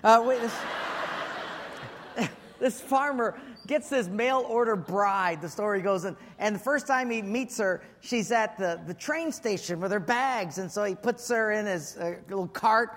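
A man preaching a sermon as pastor, telling stories with lively acted-out voices and comic shouting. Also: high voice, measured pace. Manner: animated storyteller, acts out voices and shouts for comic effect. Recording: long reverb of a large hall.

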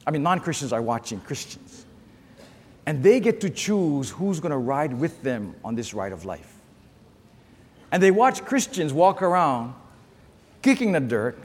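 Animated male preacher in a reverberant hall. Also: on the high side, unhurried, slightly rough. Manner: animated, storytelling with call-and-response. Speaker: pastor. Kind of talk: sermon.

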